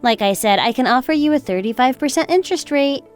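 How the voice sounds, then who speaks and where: A woman's voice: high-pitched, expressive, fast, faint music behind. A woman playing a calculating young wife in a texting-story drama, sweetly polite yet cutting. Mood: coldly triumphant. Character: cool, calculating young wife getting even. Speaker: daughter-in-law.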